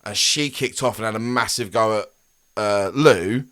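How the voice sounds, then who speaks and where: A man's voice: on the low side, normal speed, a bit bright. A man, telling rambling stories on a casual podcast, laughing and swearing as he goes. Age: 30s. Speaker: podcast co-host. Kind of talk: casual chat.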